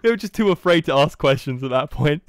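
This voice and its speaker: A young man from England tells a long story on a podcast, acting out each quoted line. His voice sits a little high and comes through smooth and clear, recorded close and dry with no room sound. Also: brisk, no room sound. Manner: animated, acts out quoted dialogue. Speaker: podcast host. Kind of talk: casual storytelling chat.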